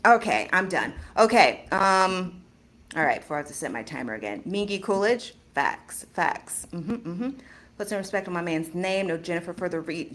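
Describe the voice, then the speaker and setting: Woman host, casual chat, animated and laughing, voice swings widely in pitch. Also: normal speed. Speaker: podcast host reading fan fiction.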